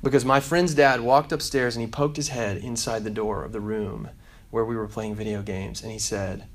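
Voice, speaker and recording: Male pastor, sermon, storytelling, soft-voiced quotes. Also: fairly low pitch, fairly even intonation, moderate pace.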